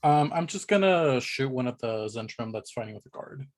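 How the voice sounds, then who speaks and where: A man's voice: mid-range voice, lively intonation, moderate pace. A man playing a tabletop game, chatting casually and hesitantly with many fillers. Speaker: player.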